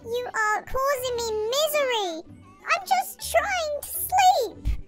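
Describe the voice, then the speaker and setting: A woman's voice: very high-pitched, animated, slow, loud music behind the voice, voice pushed up, full character voice. A woman voicing a grumpy, sleepy little boy who whines and pleads to be left in peace. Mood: whiny. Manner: whiny, pleading.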